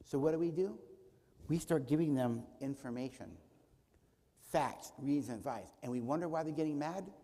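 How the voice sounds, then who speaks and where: Speaking in a church auditorium with a long reverb tail, a conference speaker delivers a teaching talk built on rhetorical questions he answers himself and brief acted dialogues. His voice is fairly high in pitch but dark in tone.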